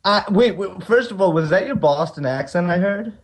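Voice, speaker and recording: A man's voice: high-pitched, lively intonation, moderate pace. A man co-hosting a podcast in casual chat, laid-back, often saying "dude".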